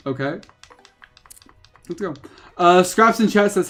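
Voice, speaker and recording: A man's voice: high-pitched, lively intonation, takes it slowly, long pauses, fairly bright tone. Casual male game streamer, self-mocking banter, faint music underneath. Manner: reads chat, jokes, self-mocking. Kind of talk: casual livestream chat.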